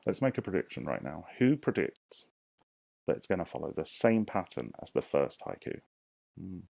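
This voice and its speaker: A primary teacher with a low, gravelly, slightly mellow voice gives a recorded lesson, captured dry and close with no room sound or echo. His pitch swings widely as he speaks slowly to young children, asking questions and counting syllables aloud.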